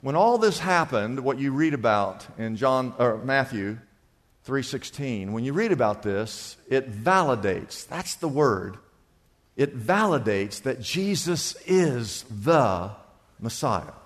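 A man preaching a sermon as pastor, excitable, asking the congregation questions and repeating his key phrases. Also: medium pitch, slow, big-room sound.

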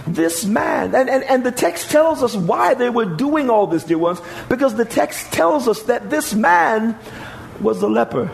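A man's voice: very high-pitched, big pitch swings, unhurried, vocal fry, rough recording. A man preaching a sermon as pastor, repeating phrases and swinging his emphasis up and down.

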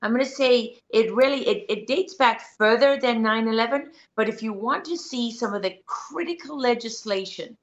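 A woman's voice: fairly high pitch, normal speed, hardly any pauses, dull audio. A woman journalist giving interview answers, earnest and insistent as she builds her case step by step. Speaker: guest journalist.

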